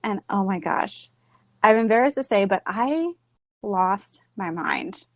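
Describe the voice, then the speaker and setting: A woman in her thirties, a guest speaker, telling a personal story in a candid, animated way and speaking over a video call. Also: mid-range voice, slow, no room sound. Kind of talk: personal story in a group talk.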